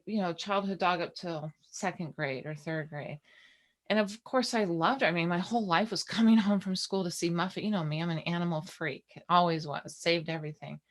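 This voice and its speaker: Woman, middle-aged, low voice, podcast co-host, candid casual storytelling. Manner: candid, personal storytelling with many restarts. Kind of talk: casual chat.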